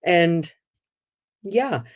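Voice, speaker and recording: A woman hosting a community talk, telling lively personal stories and acting out the voices of the people in them. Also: on the low side, very slow. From Canada. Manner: animated, laughing, acts out quoted voices. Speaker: host.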